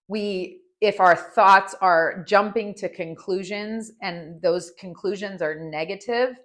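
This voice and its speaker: A woman's voice: mid-range voice, fairly bright tone. A woman in her forties hosting a personal podcast, talking in a heartfelt, earnest way. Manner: heartfelt and earnest, speaks slowly. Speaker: podcast host. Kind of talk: personal reflective podcast talk.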